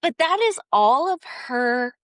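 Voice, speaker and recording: A woman's voice: sits high, very animated, slow, fairly bright tone, no echo, clean studio sound. A woman co-hosting a casual book-discussion podcast, reflective and analyzing the characters. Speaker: podcast co-host.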